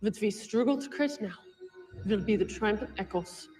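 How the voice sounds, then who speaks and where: An actress playing a stern woman leader in a low-budget sci-fi film, speaking slowly and solemnly in a heavy put-on accent. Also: a little mellow, lightly acted. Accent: put-on foreign accent. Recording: film soundtrack with music, distant voice.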